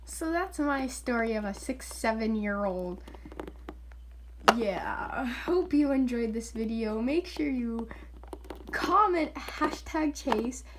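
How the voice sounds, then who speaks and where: Woman, storytime vlogger, high voice, unhurried, chatty, acts out quotes. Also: background noise. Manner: chatty, filler-heavy, often says "like"; animated quoting voices. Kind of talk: casual storytime chat.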